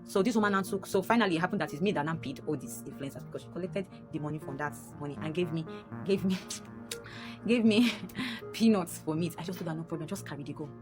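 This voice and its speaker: A young Nigerian woman races through an emotional personal story in a fairly low voice. She repeats lines and jumps up in pitch when frustrated. Music plays clearly underneath her. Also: fast talker. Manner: animated, rising sharply when upset, repeating lines.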